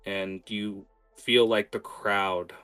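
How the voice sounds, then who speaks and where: A man narrating as game master of a tabletop game, quick and hesitant, with many fillers. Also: lowish voice, steady tone, fairly bright tone, clear, resonant tone, faint music behind.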